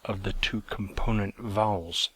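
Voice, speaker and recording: A man teaching a recorded lesson, explaining in a plain, measured way with some fillers and restarts. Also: lowish voice, fairly even intonation, breathy edge. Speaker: Greek teacher.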